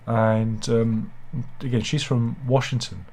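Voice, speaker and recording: A man's voice: medium pitch, steady tone, slow pace, a little mellow. A man with a British accent hosting a casual satirical news chat, rambling and self-deprecating with asides. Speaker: host.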